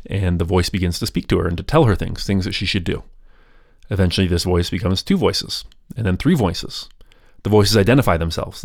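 A man's voice: deep voice, no echo, studio quality. A man hosting a history podcast, telling the story casually with jokey asides and restarts. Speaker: podcast host.

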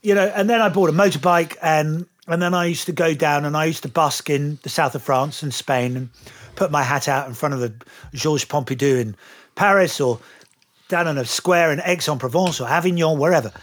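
A middle-aged English actor telling animated stories and laughing easily over a relaxed lunch interview. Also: male voice, a little high, fairly quick. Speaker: guest actor.

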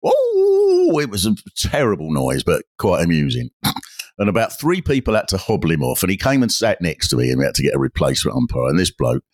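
A male podcast host telling a comic story in a wry, animated way, acting out the dialogue. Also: sits low, fairly quick, no room sound, studio quality.

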